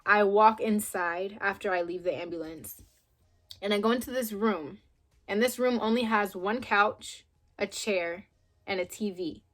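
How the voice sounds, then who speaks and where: Young woman telling a story, animated. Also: mid-range voice, measured pace. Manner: animated retelling with quoted dialogue, frank and blunt. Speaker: vlogger. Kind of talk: casual storytelling to camera.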